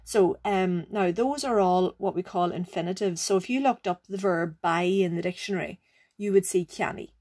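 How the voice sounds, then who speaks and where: A woman's voice: lowish voice, normal speed, a little mellow. A woman, teaching a grammar lesson, explaining rules patiently and checking that the learner follows. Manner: patient, repeats rules, checks understanding with "right?" and "okay?". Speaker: Irish language teacher.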